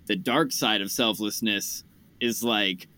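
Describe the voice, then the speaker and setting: A young man hosting a podcast, chatting casually about his festival week, with lots of "like" and lively joke-telling. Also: on the low side, slow pace, no echo. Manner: animated joke-telling, says "like" often. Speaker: podcast host. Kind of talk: casual storytelling chat.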